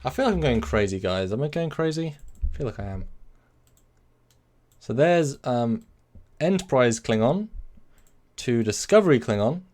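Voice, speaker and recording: A man's voice: mid-range voice, animated, moderate pace, darkish tone. A man hosting a casual live stream, rambling, correcting himself and answering chat messages. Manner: rambling, self-correcting, reads chat aloud.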